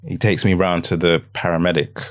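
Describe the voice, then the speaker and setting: A man with a very low, deep voice tells a painful story from his own life. He speaks haltingly, repeating phrases and quoting what he said back then. He often sinks into a hushed, near-whisper tone. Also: little pitch movement. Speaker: podcast guest. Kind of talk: emotional personal account.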